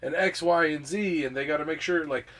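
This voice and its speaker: A man with a slightly high voice talks casually on a podcast. He rambles through his points with frequent restarts and filler words. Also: a little fast, a bit bright. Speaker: podcast co-host.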